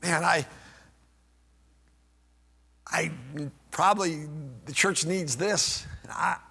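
Impassioned older male preacher, gravelly. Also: fairly high pitch, slow, big-room sound. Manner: impassioned, rising to shouts then dropping to near whispers. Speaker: pastor. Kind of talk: sermon.

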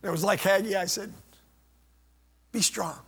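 Impassioned older male preacher, gravelly. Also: high-pitched, moderate pace, in a large hall. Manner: impassioned, rising to shouts then dropping to near whispers. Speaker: pastor. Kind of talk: sermon.

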